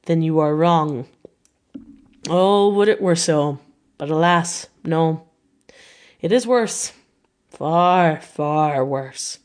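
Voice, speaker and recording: A woman's voice: deep voice, drawn-out words, pauses often, a little mellow. A woman doing a grave old Dutch professor. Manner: solemn, pleading, broken formal phrasing. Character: elderly male Dutch professor, earnest, grave. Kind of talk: audiobook reading.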